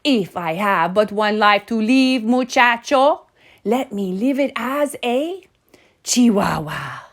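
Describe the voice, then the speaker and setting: Woman voicing a high, bouncy boy kitten, playful storybook hero, slow and deliberate. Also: lively intonation, fairly bright tone. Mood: grand. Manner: bouncy, playful, mock-Spanish flourishes. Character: excitable boy Siamese kitten playing hero. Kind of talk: storybook read-aloud.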